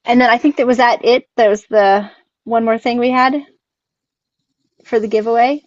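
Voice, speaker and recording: A woman's voice: fairly high pitch, fairly even intonation, normal speed, dry recording. A woman co-hosting a casual live stream, rambling, laughing often and tripping over her words. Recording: dull, dry lo-fi sound.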